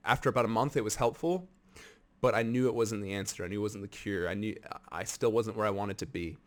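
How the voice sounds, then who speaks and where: Young american man, earnest vlogger, lowish voice, candid storytelling. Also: fast talker. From United States. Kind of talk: candid personal vlog talk.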